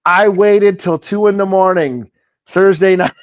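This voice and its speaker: A laid-back man talking on a podcast, his voice sitting high for a man and his pace unhurried. He sounds dry and close to the mic, with casual slang throughout. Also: fairly even intonation, dry recording, muffled recording. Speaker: podcast co-host. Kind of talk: casual chat.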